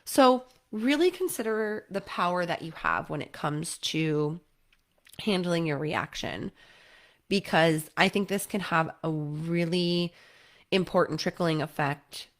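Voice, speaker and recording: A woman's voice: on the low side, a little slow. Chatty woman giving relationship advice. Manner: conversational, often checks in with "right?" and "like"; lively, acts out quoted partners. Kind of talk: casual advice talk to camera.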